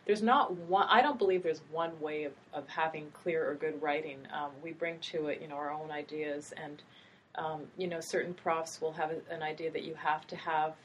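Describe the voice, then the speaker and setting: Middle-aged woman writing instructor hosting a talk, lowish voice, musing delivery, faint hiss behind. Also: fairly even intonation, moderate pace. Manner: thoughtful, meandering, with hesitations. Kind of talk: casual academic conversation.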